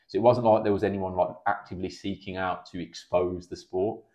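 Brief: guy in his thirties, deep voice, rapid casual storytelling, sweary, slightly dull podcast audio. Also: fairly even intonation, mellow. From England. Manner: chatty, swears freely, acts out quoted dialogue. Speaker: podcast guest, kickboxing coach.

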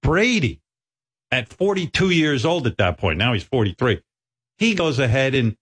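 A man's voice: mid-range voice, big pitch swings, normal speed, slightly rough. A middle-aged man hosting a radio show in a studio, telling rambling, profane, self-mocking stories in casual banter.

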